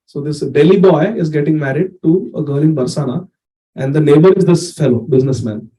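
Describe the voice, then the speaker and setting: A man's voice: fairly high pitch, a little fast, warm tone. A man giving a storytelling sermon in a chatty way, laughing often and acting out the tale. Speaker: speaker giving a scripture discourse.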